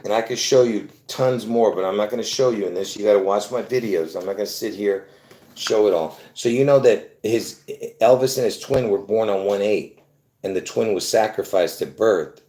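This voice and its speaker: A man with a lowish, warm voice speaks at normal speed in a roomy-sounding space, explaining something to his viewers. He's insistent and repetitive, restarting often and leaning on fillers as the explanation wanders.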